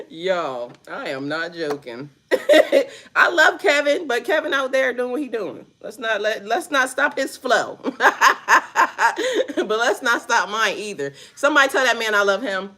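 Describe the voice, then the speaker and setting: Laughing, animated woman reacting to a clip. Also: fairly high pitch, measured pace. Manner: laughing often, loud and playful, profane slang. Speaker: vlogger reacting to a news clip. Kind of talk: casual reaction commentary.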